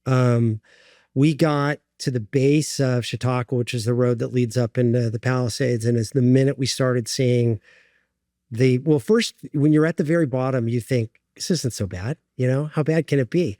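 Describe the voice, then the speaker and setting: Earnest man telling his story haltingly. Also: medium pitch, fairly even intonation, warm tone, dry recording, clean studio sound. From United States. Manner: earnest, halting, many fillers and restarts. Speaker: guest. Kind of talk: candid interview storytelling.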